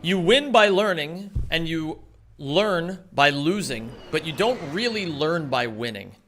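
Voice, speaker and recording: A man's voice: a little high, expressive, unhurried, a bit bright. A man streaming live, chatting casually with his viewers, greeting them by name and swearing freely as he plays.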